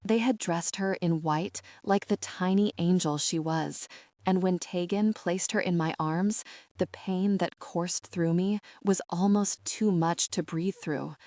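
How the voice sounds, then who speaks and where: A woman narrating an audiobook in a slow, sorrowful, measured reading. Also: on the low side, a little mellow, no echo.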